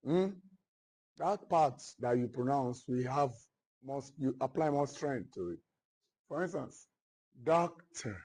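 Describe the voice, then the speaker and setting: A man lectures a classroom on literature in a husky voice. He speaks very slowly, repeats key phrases several times, and keeps checking that his students understand. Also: mid-range voice, expressive, mellow, poor audio. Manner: slow, repetitive, checks understanding often. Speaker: literature teacher.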